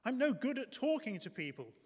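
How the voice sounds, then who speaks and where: A man's voice: extremely high pitch, very animated, brisk, a little mellow, pitched above the performer's own voice, exaggerated voice. A man reading aloud, voicing a shy, anxious old shepherd in a nervous, pleading way. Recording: echoey hall.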